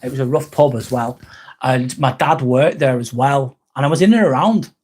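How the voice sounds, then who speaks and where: A middle-aged man with an English accent chats candidly on a live stream, rambling and reading viewer comments aloud. His mid-range voice is darkish with a breathy edge, at a moderate pace.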